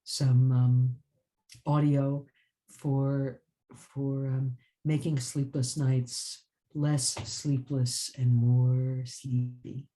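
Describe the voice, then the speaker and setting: A woman's voice: a bass voice, flat delivery, drawn-out words, dark tone. A woman author chatting in an interview. She tells stories with lots of energy, laughs often, and restarts her phrases as she rambles along. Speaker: author and writing teacher. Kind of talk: casual interview chat.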